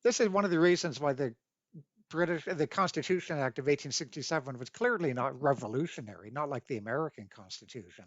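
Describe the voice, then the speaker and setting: A man giving a lecture, deliberately reading out legal sections and stressing key points. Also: a little high, dry recording, highs cut off. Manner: deliberate, reads statutes aloud, stresses key words. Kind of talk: lecture on constitutional history. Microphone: webcam mic.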